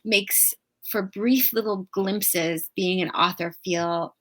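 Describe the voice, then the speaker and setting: Woman, author guest, casual chat, animated storytelling, frequent laughs. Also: mid-range voice, takes it slowly.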